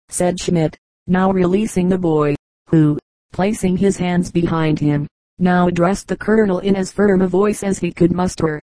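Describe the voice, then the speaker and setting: A woman reading a children's book aloud in an even, measured way. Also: on the low side, dry recording, poor audio. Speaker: audiobook reader. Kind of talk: scripted narration.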